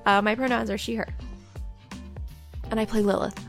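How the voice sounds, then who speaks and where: A woman's voice: a little high, fairly even intonation, moderate pace, faint music behind. A flustered woman player introducing herself in a casual podcast chat.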